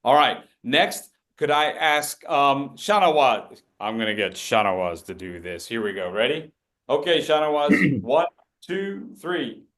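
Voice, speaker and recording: A man's voice: mid-range voice, sing-song, measured pace, a bit bright. A man presenting a public speaking workshop, joking with the audience and leading group drills. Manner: playful, jokey, leads group drills.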